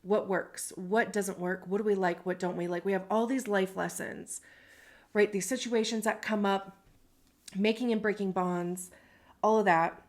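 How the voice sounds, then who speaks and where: A woman giving a casual tarot reading to camera, talking in a reflective way, often pausing to search for words. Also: medium pitch, steady tone, darkish tone. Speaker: tarot reader.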